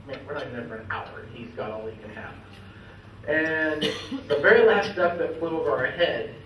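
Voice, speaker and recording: A young American man giving an animated, storytelling speech at a memorial dinner, laughing often as he tells family hunting stories. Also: a little high. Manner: animated anecdote-telling, breaking into laughter. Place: large banquet room. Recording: echoey hall audio, heard from a distance with clear background noise.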